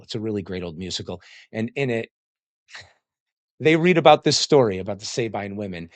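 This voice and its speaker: A man's voice: medium pitch, no echo. A man giving casual, digressive commentary on a classical text he reads aloud, laughing often and slipping into mocking voices for quotes. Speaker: host reading and commenting on classics.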